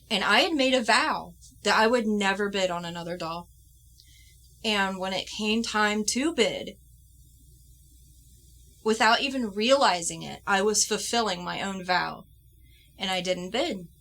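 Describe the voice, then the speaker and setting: A woman doll-collector vlogger telling a personal story at home in an earnest, heartfelt way, pausing and restarting as she goes. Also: medium pitch, a bit bright.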